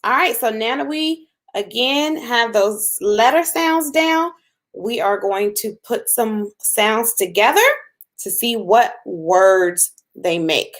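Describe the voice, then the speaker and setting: A woman teaching a phonics lesson to young children, patient and encouraging, sounding out letters slowly. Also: fairly high pitch. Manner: slow, patient, drawn-out sounds with encouraging praise.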